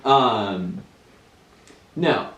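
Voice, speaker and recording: A man's voice: lowish voice, animated, extremely slow, a bit bright. A young man chatting casually as a podcast co-host, telling a story with lots of fillers and bursts of laughter. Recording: roomy, distant mic.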